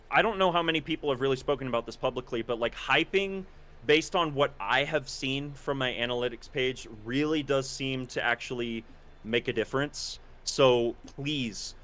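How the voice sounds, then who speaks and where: A man's voice: mid-range voice, a bit bright. A man co-hosting a gaming podcast in casual chat, rambling and self-deprecating, often repeating his first words before he gets going. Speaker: podcast co-host, gaming content creator.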